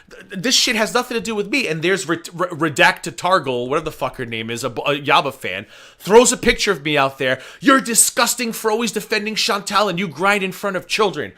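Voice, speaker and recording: A man hosting a casual reaction stream, profane, swinging between muttered asides and loud outbursts. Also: sits high, very animated, fairly quick. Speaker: drama channel host.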